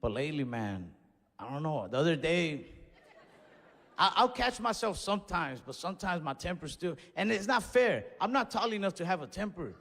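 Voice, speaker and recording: A young man working a stand-up set from a stage mic, spinning stories with animated bursts and a slightly raised voice. The sound carries a long hall reverb with faint room ambience behind it. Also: a little high, moderate pace, vocal fry, a little hiss or hum. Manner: animated storytelling with escalating outbursts. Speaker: stand-up comedian. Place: comedy stage before a live audience.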